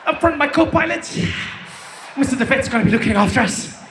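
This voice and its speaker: A man voicing a smooth-talking male airline pilot who keeps breaking his announcement with breathy pauses and "uh"s. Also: very high-pitched, expressive, a bit bright, voice pushed up. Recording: reverberant hall with faint noise.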